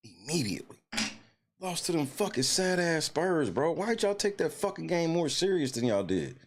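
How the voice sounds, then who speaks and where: A man's voice: fairly high pitch, sing-song, normal speed, slight background noise. A man hosting a live stream, ranting and cursing in frustration about a basketball loss. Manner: profane, frustrated, swings from mutters to shouts. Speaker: livestream host. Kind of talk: casual live-stream rant.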